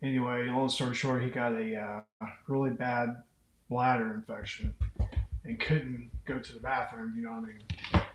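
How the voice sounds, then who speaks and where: A man's voice: mid-range voice, normal speed, echoey room, a little hiss or hum, low-quality recording. A man hosting an unscripted livestream, chatting casually and reading out viewers' comments as he rambles. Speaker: livestream host. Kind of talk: unscripted live chat with viewers.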